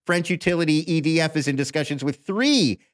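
A man co-hosting a podcast with a voice a little higher than most men's. He reads looked-up facts aloud and moves easily into an upbeat sponsor plug. He keeps it casual and conversational. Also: fairly quick. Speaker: podcast co-host. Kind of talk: casual chat and live ad read.

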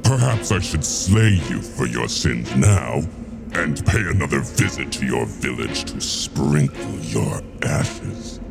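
A man's voice: rumbling low, big pitch swings, slow, creaky, loud music behind the voice, exaggerated voice. A man voicing a huge, menacing dragon made of burning bones, who threatens the heroes in a grand villain's way. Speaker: game master voicing a villain.

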